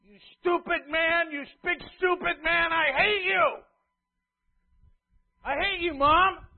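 A man's voice: very high voice, steady tone, slow, pitched above the performer's own voice, heavily acted. A man voicing a furious small child shrieking a tantrum at a parent, on a tinny phone-like recording. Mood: screaming. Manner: shrieking, name-calling tantrum.

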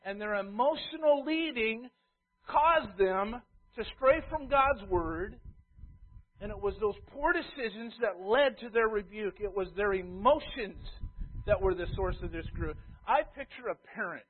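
A man preaching a sermon as a pastor, emphatic, swinging between loud stress and quiet asides. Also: high-pitched, expressive, measured pace. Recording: tinny phone-like sound.

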